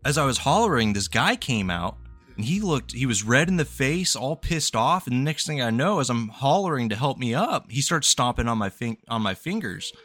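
Guy doing a rambly handyman in a told joke, lots of uhs, low and kinda quiet. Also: big pitch swings, normal speed, breathy edge, no room sound. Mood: rambling. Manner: rambling, hesitant with many uhs. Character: male handyman who fell from a balcony. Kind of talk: telling a joke in character.

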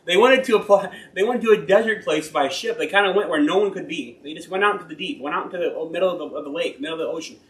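A man's voice: high voice, racing, hardly any pauses. A man preaching an informal sermon, reading Bible verses and telling personal stories in a folksy, earnest, rambling way that often corrects itself. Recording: roomy echo.

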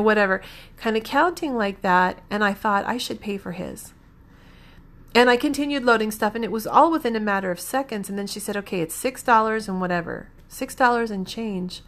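A woman telling a personal story in a rambling, heartfelt way, often correcting herself as she goes. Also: a little high.

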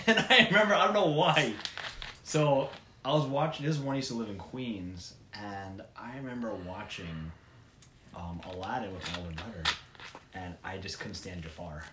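A man in his thirties chatting casually, telling stories in a lively, laughing way. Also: on the low side, moderate pace. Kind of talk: casual chat. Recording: echoey room with faint noise.

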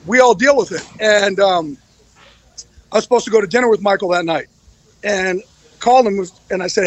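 A man's voice: high voice, normal speed, pauses often, dry recording, rough recording. A man speaking as a podcast guest, candid and emotional, swearing freely. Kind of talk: casual podcast interview.

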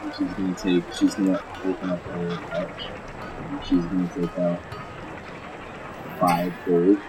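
A man playing a tabletop game, speaking slowly and hesitantly. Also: sits low, monotone, music in the background. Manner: slow, hesitant, with fillers. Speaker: player. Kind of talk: tabletop role-play.

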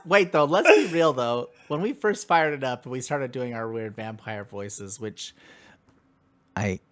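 Laid-back jokey man, average pitch. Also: lively intonation, measured pace, fairly bright tone. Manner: jokey, boastful, laughs while talking. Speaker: podcast co-host. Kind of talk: casual gaming chat.

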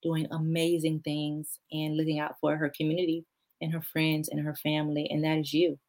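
A woman with a low, deep speaking voice hosts a live-streamed interview. She is warm and encouraging, reads out comments from viewers, and laughs often, her pitch leaping up when she gets excited. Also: moderate pace. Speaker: host.

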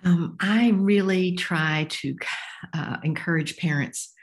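An older woman, an author talking as a guest in an interview, explaining warmly and acting out voices as she goes. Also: fairly low pitch, takes it slowly. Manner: expressive, acts out voices while explaining. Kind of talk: interview conversation.

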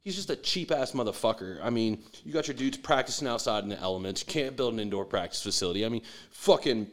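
Man, mid pitch, foul-mouthed sarcastic sports ranter. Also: animated, quick pace. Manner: profane, ranting, sarcastic, mocking impressions. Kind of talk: profane sports rant.

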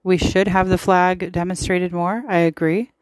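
Solo podcast host, woman, lower register, emphatic and rambling, dry close-mic sound. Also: flat delivery, moderate pace, dry recording, low-quality recording. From United States. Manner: chatty, emphatic, with frequent fillers. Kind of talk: casual political commentary monologue.

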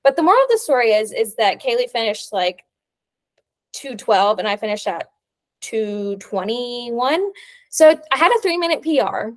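A woman's voice: fairly high pitch, sing-song, moderate pace. Chatty young woman telling a story. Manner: chatty storytelling, many "like" fillers. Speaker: podcast co-host. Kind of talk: casual chat.

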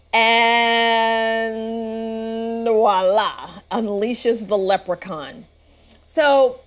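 A woman giving a casual, sarcastic and playful recap of a movie. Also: a little high. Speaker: movie reviewer.

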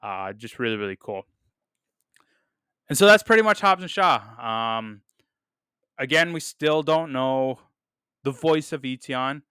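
Guy reviewing a movie on his podcast, smooth clear voice, keeps saying really really, super casual. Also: mid-range voice, expressive, a little slow, pauses often, pushed and bright, dry recording, clean studio sound. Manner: enthusiastic, many fillers, repeats "really, really"; laughs at quotes he reads.

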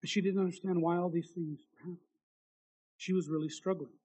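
A man preaching, his voice sitting high for a man. He reads a testimony in an impassioned sermon style, swinging from loud, ringing lines down to hushed ones. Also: fairly even intonation, brisk, husky, low-quality recording.

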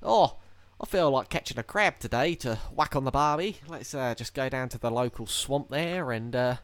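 A man's voice: medium pitch, animated, moderate pace, no echo, close to an everyday voice. A man voicing a jokey bloke out crabbing. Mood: excited. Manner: jokey, exaggerated. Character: male Australian bloke out crabbing.

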